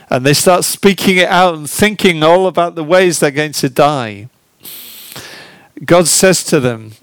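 A man's voice: on the high side, unhurried, no echo. A man preaching a sermon in an earnest, conversational way, asking the listeners questions. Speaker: pastor.

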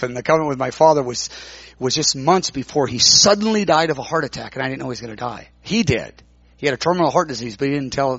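A man preaching, telling a story with many halting restarts and repeated words. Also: medium pitch, creaky, fairly bright tone, breathy edge, dry recording, highs cut off. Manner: halting, repeats words while recounting dialogue. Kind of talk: sermon storytelling.

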